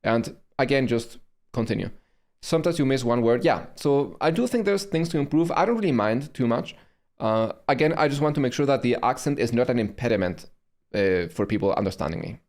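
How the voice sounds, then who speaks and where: A man with a German accent talking casually on a stream about his own video, pausing and restarting often. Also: mid-range voice, expressive, darkish tone. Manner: halting, with frequent pauses and restarts.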